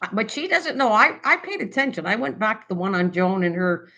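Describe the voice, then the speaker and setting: An older woman with a Canadian accent, hosting a casual live-stream chat about crafts, rambling with lots of fillers and restarts, hyper and excited. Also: mid-range voice, fairly quick. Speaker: craft channel host.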